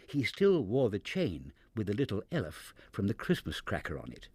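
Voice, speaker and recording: A man reading a children's storybook aloud in an expressive, animated manner into a close mic. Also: on the low side, moderate pace, few pauses, husky, no room sound.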